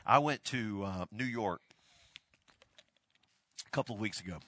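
A man who is a pastor giving a teaching talk, telling a story with animated, excited energy. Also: lowish voice, no echo.

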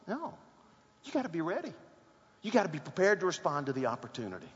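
A man preaching a sermon, telling a sports story with rising excitement and shouts. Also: a little high, fast talker, pauses often, big-room sound, highs cut off.

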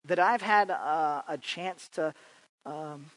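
A man's voice: on the high side, slow, fairly bright tone, no echo, rough recording. Man telling stories at church. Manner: chatty storytelling with humor; frequent fillers and restarts. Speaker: church speaker and improv teacher. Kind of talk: informal church talk with stories.

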